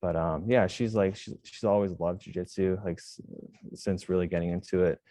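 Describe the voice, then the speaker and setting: Low-voiced rambling young man. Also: fairly even intonation, normal speed, warm tone. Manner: rambling, many "like" fillers and restarts. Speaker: jiujitsu instructor and gym owner. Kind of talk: casual interview answers.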